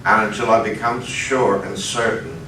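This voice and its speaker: A man with an Australian accent preaching, telling a personal story in an animated way and leaping up in pitch for the lines he quotes. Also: moderate pace, background noise. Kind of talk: sermon storytelling. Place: conference hall. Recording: echoey hall, distant mic.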